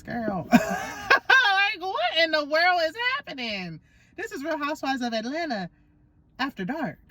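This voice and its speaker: A woman's voice: mid-range voice, a bit bright. A woman hosting a casual, opinionated reality TV recap, sassy and gossipy with lots of slang.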